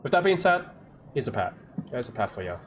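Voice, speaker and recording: Lively game streamer bantering with chat, bouncy intonation, light hiss. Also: medium pitch, a little fast. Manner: animated, impulsive chatter with the chat. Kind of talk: live game stream commentary.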